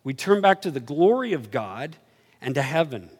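A man preaching a sermon, telling stories animatedly and swinging from low murmurs to excited highs. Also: normal speed, breathy edge. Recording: reverberant hall.

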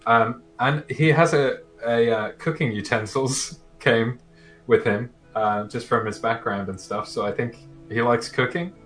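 A man's voice: medium pitch, unhurried, fairly bright tone, soft background music. A man casually describing his tabletop character, hesitant, with many fillers and restarts. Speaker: player.

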